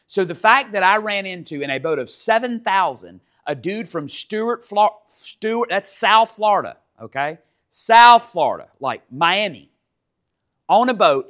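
A man's voice: a little high, fairly bright tone. A man, preaching a sermon and telling stories, emphatic and repeating his points. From Middle Georgia, US. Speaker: pastor. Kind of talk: sermon with storytelling.

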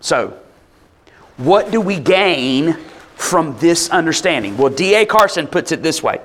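Male pastor, high and animated, conversational sermon delivery. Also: measured pace. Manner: animated, conversational preaching with rhetorical questions. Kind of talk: expository sermon.

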